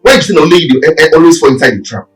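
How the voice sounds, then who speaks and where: An actor voices a jealous, quarrelsome village boyfriend, speaking in a Nigerian Pidgin accent. His scolding comes out fast and swings widely in pitch. He sounds set back from the mic, with film music underneath. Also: expressive, recorded from a distance, lightly acted, low-quality recording. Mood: angry. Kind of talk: Nollywood film acting.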